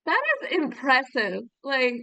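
A woman co-hosting a podcast in casual chat, with teasing, deadpan banter. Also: high-pitched, a little slow, low-quality recording. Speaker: podcast co-host.

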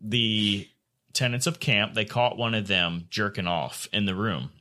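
A man's voice: lowish voice, unhurried, sharp tone. A man co-hosting a podcast, telling a crude story in casual chat, swearing and laughing often. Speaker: podcast co-host.

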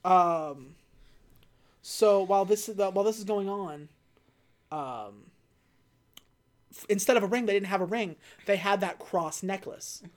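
A woman casually recapping a movie plot on a podcast, telling the story with lively energy and acting out the characters' lines. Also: medium pitch, unhurried, pauses often. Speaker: podcast co-host recapping a film. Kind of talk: casual chat.

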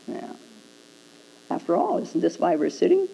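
A woman's voice: on the low side, huge pitch swings, unhurried, gravelly, warm tone, breathy edge, lo-fi sound. A woman Zen teacher giving a dharma talk, prodding her listeners with rhetorical "hmm?" questions and chuckling at her own points.

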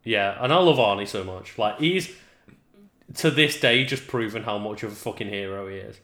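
A man's voice: lowish voice, normal speed, sharp tone. A man on a podcast, chatting in a laid-back way with short reactions and the odd curse word. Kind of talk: casual chat. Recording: roomy echo.

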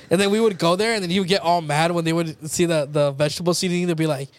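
A man's voice: a little high, quick pace, dry recording. A young man co-hosting a podcast, chatting in a chummy, joking way with friends. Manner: laughing, chummy banter. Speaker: podcast co-host. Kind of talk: casual chat.

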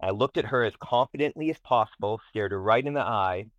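Man, low voice, animated storyteller, emphatic, interview guest, dry close sound. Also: brisk, dry recording, dull audio. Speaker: guest, tutoring company president. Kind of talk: personal storytelling.

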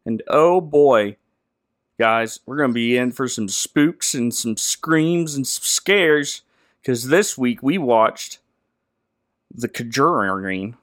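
A man's voice: medium pitch, takes it slowly, dry recording, clean studio sound. A young man hosting a casual, joking podcast chat. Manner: jokey and playful. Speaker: podcast host.

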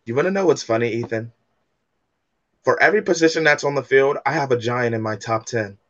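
A man's voice: mid-range voice, brisk, a bit bright. Young man, college-bound, casual podcast chat, jokey and defensive, dull lo-fi audio. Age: young adult. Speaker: co-host.

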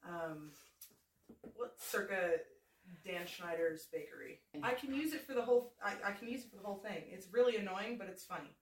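A woman's voice: mid-range voice, normal speed, a little hiss or hum. A woman co-hosting a podcast in casual, joking chat, often breaking into giggles. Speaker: podcast co-host. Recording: roomy, distant mic.

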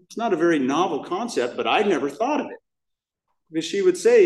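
A man with an American accent tells his own story at a recovery meeting, candid and emotional, circling back through restarts. His voice sits a touch high for a man. The sound is roomy, like a church hall, and he stands some way from the mic. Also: very animated, brisk, a little mellow, recorded from a distance. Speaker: main speaker at a recovery meeting. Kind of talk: personal testimony talk.

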